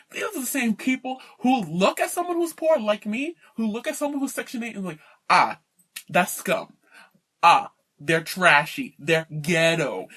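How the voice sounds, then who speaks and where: A woman giving an indignant, emphatic personal rant to camera, worn out and mocking the people she talks about. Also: fairly high pitch. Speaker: vlogger.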